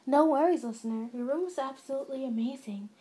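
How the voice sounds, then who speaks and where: A woman voicing a polite, gentle young man in a fan-fiction audio story. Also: sits high, quick pace, close to an everyday voice. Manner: gentle and courteous. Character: polite, soft-spoken young man, a boyfriend figure.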